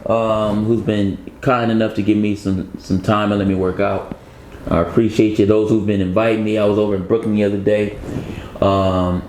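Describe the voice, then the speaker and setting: Speaking at a normal speed, the man has a lowish, darkish voice that barely moves in pitch. He's an actor and comedian being interviewed casually, rambling easily and laughing at his own jokes, heard in a roomy, echoey space with faint noise behind him.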